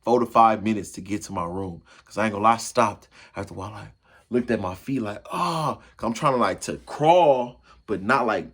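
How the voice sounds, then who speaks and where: A man telling a funny personal story to his viewers in a casual, slangy way, acting out the crashes and his own yells. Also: on the low side, fairly quick, breathy edge. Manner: animated, acts out yells and crashes.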